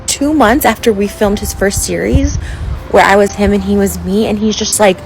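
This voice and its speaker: A woman's voice: mid-range voice, normal speed, creaky, faint music behind, low-quality recording. An upset woman ranting into a phone selfie video, rambling with lots of fillers and breaking off mid-sentence. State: upset, close to tears. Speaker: social media influencer. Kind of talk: emotional selfie video rant.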